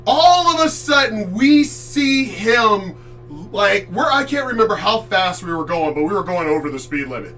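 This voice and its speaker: Lively high-voiced man telling stories. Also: normal speed, recorded from a distance, faint music behind. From Chesapeake Bay area, US. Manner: animated, loud, swears freely, acts out voices. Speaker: streamer host. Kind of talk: casual storytelling.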